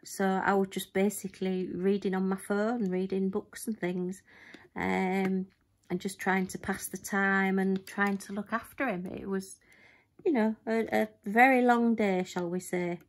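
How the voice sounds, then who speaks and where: A woman's voice: medium pitch, flat delivery, a little slow. A middle-aged woman, chatting casually to camera as a crafting channel host, telling a story with lots of ums and little asides.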